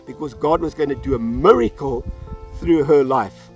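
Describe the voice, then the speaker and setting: Earnest high-voiced man preaching. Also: moderate pace, a little mellow, far from the mic, faint music behind. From South Africa. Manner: earnest, storytelling, acts out quoted voices. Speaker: pastor. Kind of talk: sermon.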